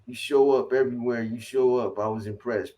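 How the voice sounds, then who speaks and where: A man hosting a casual livestream, reading off viewer names in quick shout-outs and slangy greetings. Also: mid-range voice, steady tone. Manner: rattles off viewer shout-outs, slangy, calls people boy. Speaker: livestream host.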